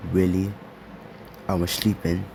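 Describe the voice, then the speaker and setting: A man voicing a sleepy, annoyed young man who has just been woken, in a halting plain voice. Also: deep voice, little pitch movement, creaky, a little mellow, slight background noise.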